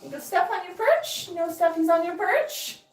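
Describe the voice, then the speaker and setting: A playful dark witch, as a woman plays her in costume, teasing a pet bird in a high, lively, sing-song voice. She sounds far from the mic in a roomy space with faint music behind. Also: moderate pace. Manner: teasing, cooing at a parrot.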